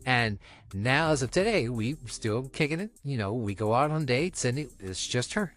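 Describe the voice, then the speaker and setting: A young man co-hosting a podcast, speaking frankly and personally about dating in a casual chat. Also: normal speed. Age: young adult. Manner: frank, personal, lively ups and downs in pitch. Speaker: podcast co-host.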